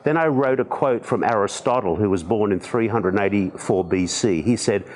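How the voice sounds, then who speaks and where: A man in his sixties with an Australian accent, a podcast guest telling stories in conversation with animated, self-deprecating humor. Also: fairly low pitch, normal speed. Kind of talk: conversational storytelling.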